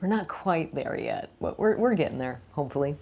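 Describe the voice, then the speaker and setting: A woman's voice: low voice, expressive, a little fast, dark tone. A woman hosting a casual interview chat, laughing readily and encouraging her guest. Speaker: host.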